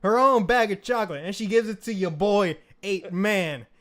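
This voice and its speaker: A man co-hosting a casual anime discussion, animated and swearing freely, sometimes shouting when excited. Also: sits high, normal speed. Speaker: co-host.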